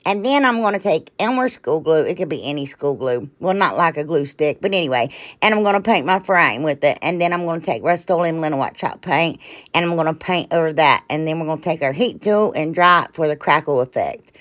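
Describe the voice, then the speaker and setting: A woman's voice: low-pitched, lively intonation, fairly quick. A woman hosting a casual craft tutorial who talks to viewers as "y'all", rambles, trails off and keeps apologizing. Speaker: DIY crafting channel host.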